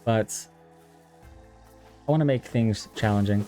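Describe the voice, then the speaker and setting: Low-voiced man rambling on a stream. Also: measured pace, warm tone. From Texas. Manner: rambling, self-deprecating, chats with viewers. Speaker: game streamer. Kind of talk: casual live-stream chat while gaming. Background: faint game music.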